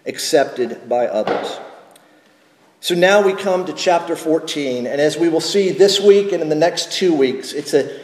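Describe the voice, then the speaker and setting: A man preaching a sermon, teaching at a measured pace and asking rhetorical questions of the congregation. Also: on the high side, a little mellow, reverberant, in a large hall. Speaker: pastor.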